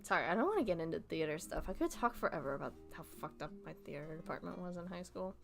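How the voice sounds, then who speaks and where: A woman's voice: lowish voice, lively intonation, quick pace, creaky, faint music behind. A young adult woman streaming a casual chat, talking animatedly with heavy swearing and frequent laughter.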